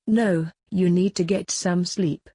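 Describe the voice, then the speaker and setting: A woman voicing a bossy, sharp-tongued teenage little sister. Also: fairly low pitch, fairly even intonation, slow pace, husky, no echo, clean studio sound, full character voice. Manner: bossy, snappy.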